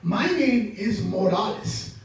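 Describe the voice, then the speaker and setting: High-voiced man doing lively stand-up. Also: takes it slowly, vocal fry. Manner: animated, self-mocking, acts out scenes. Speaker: stand-up comedian. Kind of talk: stand-up comedy storytelling. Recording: echoey room, distant mic.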